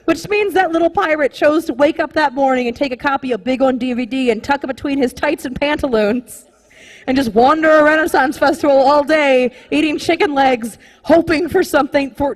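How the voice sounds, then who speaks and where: Young woman, stand-up comic, slightly high voice, rambling, lots of fillers, animated storytelling on a live stage. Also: normal speed, long reverb tail. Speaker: stand-up comedian. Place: comedy club stage with live audience.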